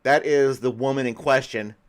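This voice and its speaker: A man's voice: mid-range voice, steady tone, normal speed. A man hosting a podcast in casual chat, often breaking into laughter. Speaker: podcast host.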